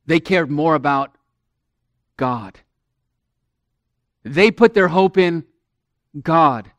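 Slow, emphatic male preacher. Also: fairly high pitch, no room sound, clean studio sound. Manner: earnest, emphatic, addresses the listeners directly; sudden swings between loud emphasis and near-murmur. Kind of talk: sermon.

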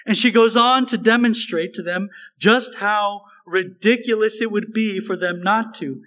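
A man's voice: high voice, a little slow, hardly any pauses, pushed and bright, poor audio. A man preaching a sermon as a pastor, earnest and emphatic, repeating phrases for stress.

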